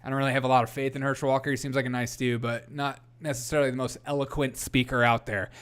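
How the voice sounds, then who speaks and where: A man's voice: medium pitch, level tone, fast talker, fairly bright tone, clean tone. A young man hosting a casual political livestream, reading headlines aloud, greeting chat viewers and often laughing.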